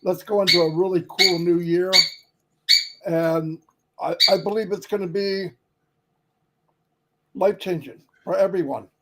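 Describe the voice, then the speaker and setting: Man with a high voice, easygoing, rambling, full of fillers, casual livestream chat. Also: steady tone, unhurried, long pauses, a bit bright, a little hiss or hum, low-quality recording. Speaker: company leader on a livestream.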